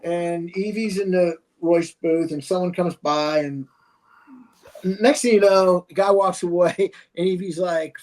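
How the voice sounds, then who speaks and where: A man co-hosting a casual podcast, telling a story in an animated way and acting out the lines of the people in it. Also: high voice, moderate pace. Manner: animated storyteller, acts out quotes. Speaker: podcast co-host. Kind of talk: casual round-table chat.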